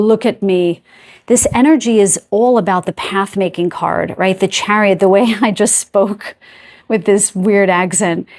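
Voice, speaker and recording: Chatty woman doing a tarot reading. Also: medium pitch. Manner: chatty, gropes for words aloud; talks to spirit guides between remarks. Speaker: tarot card reader. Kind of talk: intuitive tarot reading to camera.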